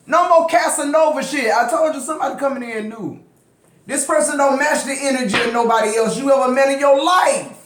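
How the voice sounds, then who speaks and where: A man with a strikingly high voice gives a loose, profane tarot reading in a roomy, echoing space. He talks in heavy slang and preaches at his listeners, dropping to mutters and rising to yells. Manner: slangy, profane, preachy, swings from murmuring to yelling. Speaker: tarot reader. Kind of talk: casual tarot reading to camera.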